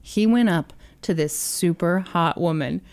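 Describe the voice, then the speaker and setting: A woman's voice: on the low side, unhurried, a little mellow. A woman hosting a podcast, telling a story in a casual, jokey way with casual swearing.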